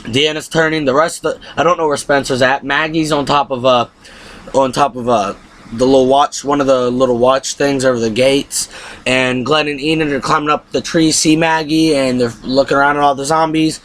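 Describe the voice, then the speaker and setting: A man casually recapping a TV episode, excitable and acting out the characters' lines. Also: mid-range voice, moderate pace, a little hiss or hum. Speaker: TV show reviewer.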